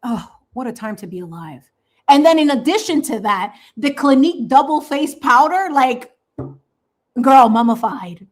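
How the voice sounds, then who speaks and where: A woman in her thirties talks in a casual, sassy monologue, her voice sitting a little high. She tosses in slangy asides and laughs often as she chats. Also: lively intonation, normal speed. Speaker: craft channel host.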